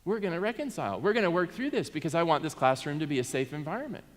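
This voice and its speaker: A man's voice: on the high side, big pitch swings, racing. A man preaching a sermon as pastor, talking directly with his congregation and asking them to respond. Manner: interactive, asks congregation to respond. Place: church sanctuary. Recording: reverberant church sanctuary.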